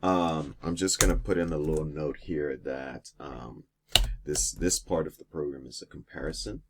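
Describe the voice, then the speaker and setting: Over some background noise, a man with a rumbling low voice teaches a coding exercise at normal speed in a screen-recorded lesson. He types while explaining things one step at a time, using occasional fillers.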